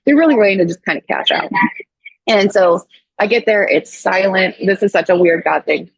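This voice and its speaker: A woman in her thirties from Missouri, a podcast guest telling a personal story in a casual, animated way, full of "like" and acted-out quotes. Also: mid-range voice, moderate pace, creaky, slightly rough, no echo, rough recording. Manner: animated, acts out quoted voices, frequent "like".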